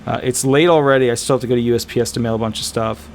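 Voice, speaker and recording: A man speaking as a disability attorney, giving casual, animated advice to viewers, emphatic and repetitive with frequent fillers. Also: mid-range voice, racing, slight background noise. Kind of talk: casual advice talk to camera.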